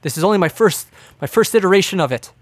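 Man doing an eccentric inventor who stammers and fusses; slightly higher voice, dry mic. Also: expressive, fast talker, dry recording. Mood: eager. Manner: stammering, fussy.

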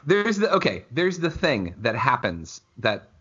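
A man chatting casually as a podcast panelist, talking excitedly with frequent swearing and restarts. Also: medium pitch, measured pace, breathy edge, muffled recording. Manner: excited, profane, restarts often. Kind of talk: casual chat.

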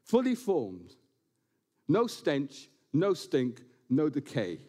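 Lively, joking male preacher in church. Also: on the high side, takes it slowly. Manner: animated preaching with playful jokes and asides. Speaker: pastor. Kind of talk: sermon. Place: church building, before a congregation.

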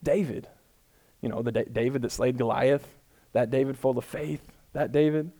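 A male pastor gives a relaxed, conversational sermon with a self-deprecating streak. He stays loose and chatty, then presses his points home with rising emphasis. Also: mid-range voice, moderate pace. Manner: casual, self-deprecating, builds to emphatic peaks. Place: church room before a congregation.

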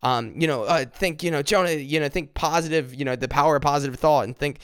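A man shares an informal devotional message in an earnest way, often repeating words and slowing down over scripture lines. His voice sits a bit high and sounds smooth and clear. The recording is dry and close. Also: a bit bright, no room sound. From upstate South Carolina, US. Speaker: devotional speaker.

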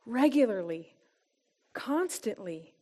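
A woman with a high voice gives a personal testimony and teaching at a church gathering. She speaks earnestly and from the heart, letting her voice sink soft and quiet to stress a point. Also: big pitch swings, slow pace. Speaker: church small-group speaker.

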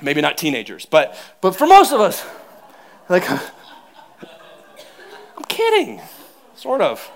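A middle-aged man preaching a sermon to his church, telling funny stories about his marriage in an animated, self-mocking way and laughing often. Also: high-pitched, slow pace, vocal fry, pauses often. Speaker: pastor. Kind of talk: sermon with humorous personal stories.

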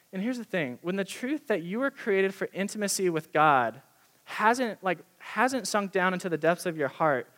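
Fairly high and a bit bright, this young man's voice carries an earnest, chatty sermon as a youth pastor. Filler words such as "like" crop up constantly, and he performs small snippets of dialogue.

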